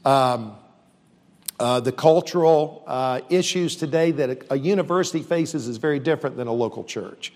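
A man's voice: medium pitch, moderate pace. Earnest man talking in a reverberant hall. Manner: earnest, steady, with frequent fillers and restarts. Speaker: university leader. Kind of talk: speaking to a church audience. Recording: long reverb.

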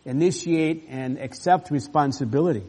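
A man's voice: a little high, moderate pace, mellow. A man preaching a sermon as pastor. He teaches in an earnest, explanatory way and stresses key words. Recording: long hall reverb.

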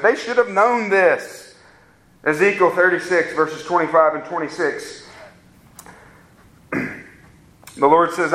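A man preaching a sermon as a pastor, with rising emphatic peaks and slow, drawn-out stresses on key words. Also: on the high side, fairly bright tone, reverberant, rough recording.

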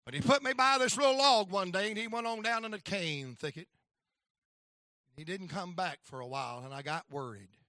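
A man preaching a folksy storytelling sermon with a North Carolina accent, rising now and then to shouts of praise. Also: sits high, moderate pace, no room sound, studio quality.

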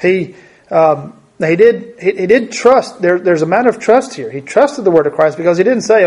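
A man's voice: high voice, lively intonation, normal speed, a little mellow. A man preaching a conversational Bible teaching, thinking aloud and often repeating his words.

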